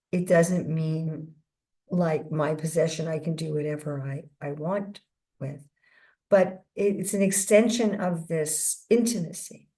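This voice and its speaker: Mellow-voiced woman giving a devotional lecture. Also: fairly low pitch. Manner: measured and reflective, with frequent restarts. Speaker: guest speaker giving a scripture class.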